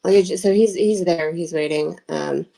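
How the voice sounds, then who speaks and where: A woman's voice: lowish voice, normal speed, gravelly, warm tone, low-quality recording. A woman producing a live talk stream, speaking hesitantly with many ums as she asks viewers for gifts. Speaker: show producer. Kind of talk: casual live-stream chat.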